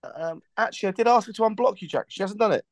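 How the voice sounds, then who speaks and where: A man's voice: high-pitched, fast, no room sound. A man hosting a podcast, chatting casually and joking in a rambling, friendly way. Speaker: podcast host.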